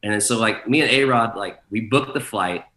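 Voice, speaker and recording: A man's voice: fairly low pitch, fairly quick, pushed and bright, roomy sound. A man, a guest DJ, telling rambling, profane stories in a casual chat, full of fillers.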